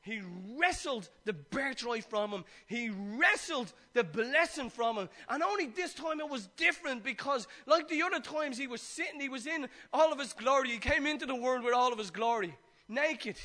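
A preacher with an Irish accent and a high, bright voice, telling his story with animation. He jokes with the congregation as he preaches. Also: moderate pace. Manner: animated storytelling, acts out the characters. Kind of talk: sermon.

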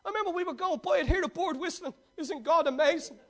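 Male preacher with a high voice, delivers a sermon that shifts from excited storytelling to a hushed, pressing call. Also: fast talker. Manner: swings from excited, laughing storytelling to hushed, urgent exhortation.

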